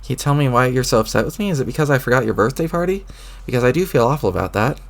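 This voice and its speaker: This man reads a webcomic very fast and with animation, sounding apologetic. He drops into a lowered, gravelly voice for a clueless, rambling young male adventurer given to folksy, old-fashioned exclamations.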